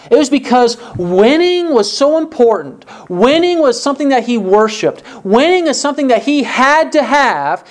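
Man preaching with rhetorical questions. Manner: rhetorical questions, reads scripture aloud; pitch rises sharply for emphasis. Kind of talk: sermon.

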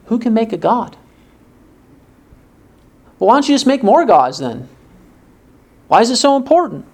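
A man preaching a sermon, reading scripture aloud and asking rhetorical questions, his pitch jumping up for emphasis. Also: sing-song, unhurried, darkish tone. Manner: pitch rises sharply for emphasis.

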